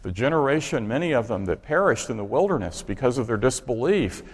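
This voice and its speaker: A man's voice: medium pitch, very animated, fairly quick, in a large hall. A man preaching a sermon, driving his points home with pointed rhetorical questions. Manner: emphatic, asks the congregation rhetorical questions.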